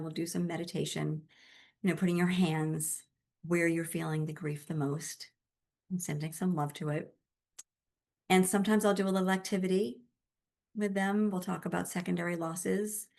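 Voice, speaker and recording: A woman speaks in a low, slightly gravelly voice, talking as a grief support specialist in an interview. Her manner is emphatic yet gentle, and she keeps it conversational. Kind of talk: interview answers.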